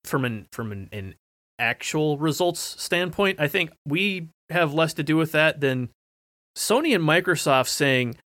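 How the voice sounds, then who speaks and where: Brief: male co-host, higher voice, lively pitch, dry close mic, blunt asides. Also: a little slow, no echo. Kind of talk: casual chat.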